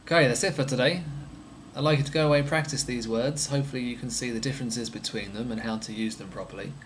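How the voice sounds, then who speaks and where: Man, teacher, slang vocabulary lesson, patient, repeats examples slowly. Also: medium pitch, a little hiss or hum. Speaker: English teacher.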